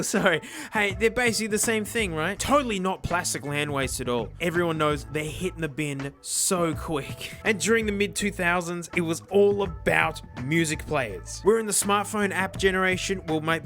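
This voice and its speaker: Excitable Australian host, high-voiced, slangy, music underneath. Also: male voice. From South Australia. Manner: excitable, slangy, says "mate" constantly. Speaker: tech reviewer and host. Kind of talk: comedic video monologue. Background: background music.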